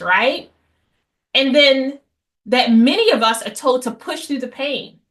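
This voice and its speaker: A woman's voice: sits high, fairly bright tone. A woman teaching a class on healing, speaking bluntly and with animation, with asides and mock voices. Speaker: class host on healing after infidelity. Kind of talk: lively lecture to an audience.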